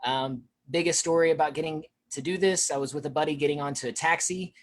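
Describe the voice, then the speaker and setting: A speaker gives a presentation on accents in a mid-pitched voice, hurrying through the points. The delivery is casual and full of "um"s and restarts. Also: fairly even intonation, a little hiss or hum. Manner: rushed, with frequent fillers. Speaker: featured speaker.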